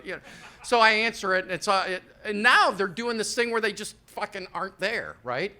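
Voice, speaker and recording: A man's voice: high voice, lively intonation, fairly quick, bright, forceful tone. A man in his fifties doing a rambling, profane, self-deprecating stand-up set on a live comedy stage. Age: 50s.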